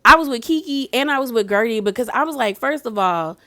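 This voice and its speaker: A woman recapping a reality show episode in a casual, slangy, animated way, full of "like" and "girl". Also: fairly high pitch, a little fast.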